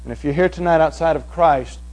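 A man preaching a sermon to a congregation, swinging from hushed passages to loud, emphatic ones. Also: fairly high pitch, fairly quick, low-quality recording. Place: evening meeting before a congregation.

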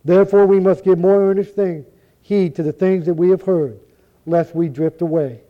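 A man reciting scripture in a measured, solemn way, with the odd stumble over a word. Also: high voice, fairly even intonation. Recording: dull lo-fi recording.

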